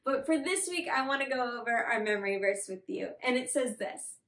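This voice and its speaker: A woman's voice: on the high side, expressive, normal speed, hardly any pauses, fairly bright tone. A young woman, a children's pastor, telling a Bible story with bubbly enthusiasm in an online kids' service. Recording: echoey room.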